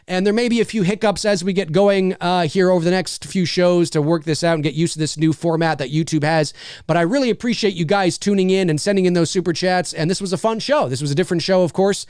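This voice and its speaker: Male livestream host, animated and rambling, lively pitch, close and dry. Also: brisk, dry recording. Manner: animated, rambling, with many restarts and fillers. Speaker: host and voice actor. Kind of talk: casual livestream chat.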